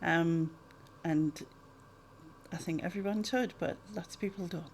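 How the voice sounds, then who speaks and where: A woman's voice: lowish voice, fairly even intonation, measured pace, vocal fry, slight background noise. Chatty woman vlogger. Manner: chatty, rambling, with frequent ums and laughs. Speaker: YouTuber answering viewer questions. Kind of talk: casual Q&A vlog.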